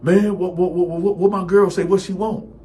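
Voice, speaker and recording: A man's voice: sits high, fairly even intonation, normal speed, mellow, slight background noise, voice pushed up, close to an everyday voice. A man voicing a panicky young boyfriend caught cheating, stammering and frantic. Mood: anxious.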